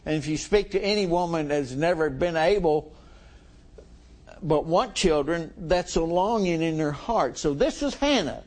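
A man's voice: on the high side, expressive, measured pace. A middle-aged man preaching a sermon in a folksy way, chuckling with his congregation.

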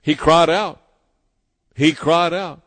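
A man's voice: on the high side, steady tone, takes it slowly, a bit bright. A man preaching a sermon, emphatic and driving his points home by repeating phrases. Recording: long hall reverb.

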